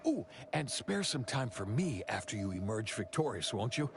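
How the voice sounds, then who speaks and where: A man's voice: lowish voice, big pitch swings, normal speed, creaky, a little hiss or hum. An actor playing a chatty, upbeat male corporate publicist in a video game.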